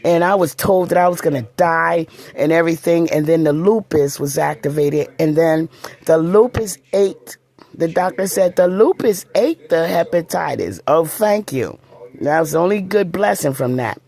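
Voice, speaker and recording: A woman's voice: deep voice, moderate pace, a little mellow. A middle-aged woman telling a personal story in a blunt, emphatic way, often repeating herself.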